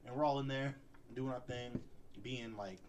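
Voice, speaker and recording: A man's voice: medium pitch, fairly even intonation, normal speed, darkish tone, a little hiss or hum. A young adult man co-hosting a podcast, telling rambling stories with lots of fillers and frequent laughter. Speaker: podcast co-host. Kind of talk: casual chat.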